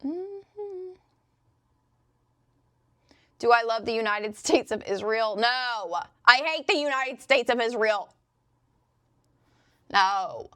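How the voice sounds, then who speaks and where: This livestreamer, a young woman from the Midwest, has a slightly high, sharp, clear and resonant voice and speaks slowly. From her crafting desk indoors, she chats loosely with her live chat and swears casually, in echo-free studio quality.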